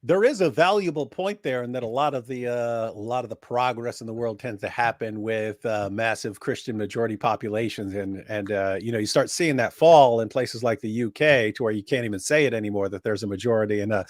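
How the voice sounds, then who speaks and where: A man co-hosting a casual livestream, speaking in a measured way with a wry, bantering edge. His pitch is ordinary, neither high nor low. The recording is dry and close. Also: dry recording. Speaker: livestream co-host.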